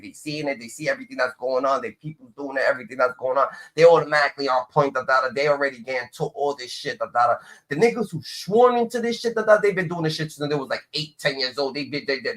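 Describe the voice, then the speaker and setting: A man's voice: a little high, a bit bright. A man hosting a livestream, ranting in rambling casual commentary and filling his talk with "dun dun dun". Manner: rambling, swears often, uses "dun dun dun" filler. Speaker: livestream host.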